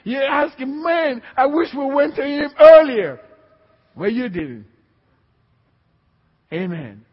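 A man's voice: very high-pitched, husky. A man preaching a sermon with emphatic repetition and call-and-response to the congregation. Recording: dull, echoey hall recording.

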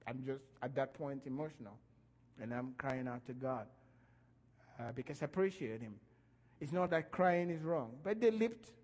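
A man preaching a sermon, animated and emphatic, his voice rising and falling as he stresses his points. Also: medium pitch, moderate pace, in a large hall.

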